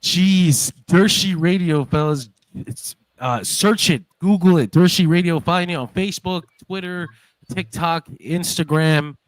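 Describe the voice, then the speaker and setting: A man's voice: fairly high pitch, a little slow, dry recording, poor audio. A man appearing as a guest on a podcast over a call, talking in a loose, joking, profane way. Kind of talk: casual podcast chat.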